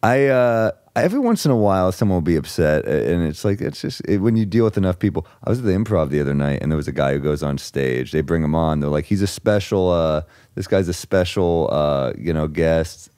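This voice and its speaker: A man, a stand-up comedian guest on a podcast, telling anecdotes in a dry, deadpan way. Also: low voice, brisk, clean tone, no echo. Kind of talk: casual chat. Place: podcast studio.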